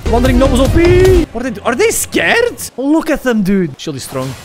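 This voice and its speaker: Young male streamer, high and lively voice, crude excitable play-by-play, faint music underneath. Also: fairly quick. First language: Dutch. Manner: excitable, crude jokes, sudden yelps and laughs. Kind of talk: casual let's-play commentary.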